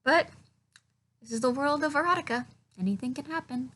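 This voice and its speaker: Sarcastic woman reviewer with a profane recap delivery and a bright, slightly high voice. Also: brisk. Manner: sarcastic, profane, mocking movie dialogue in silly voices. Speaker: film reviewer. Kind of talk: casual comedic film recap.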